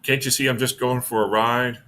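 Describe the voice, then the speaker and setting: A man's voice: mid-range voice, level tone, brisk, sharp tone, close to an everyday voice. A man voicing a cranky, suspicious old woman biker who snaps back defensively. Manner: snappish, defensive.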